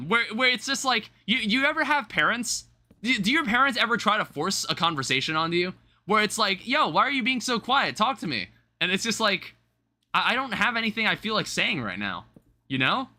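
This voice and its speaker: A man's voice: sits high, sing-song, moderate pace, pushed and bright. A young man rambling through casual live-stream chat, swearing offhandedly as he talks to viewers from home. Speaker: livestreamer.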